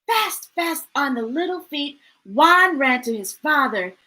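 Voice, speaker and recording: A woman reading a picture book aloud to children, high-pitched and bright. Her sing-song narration rises and falls widely. She takes an unhurried pace. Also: expressive, rough recording. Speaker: storytime reader. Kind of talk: children's story read-aloud.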